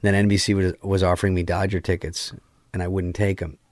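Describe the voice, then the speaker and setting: Male podcast guest, very low voice, dry close mic, casual deadpan storyteller who swears freely. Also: brisk, dry recording. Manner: profane, deadpan anecdote acting out quoted dialogue. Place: podcast studio. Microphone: studio microphone.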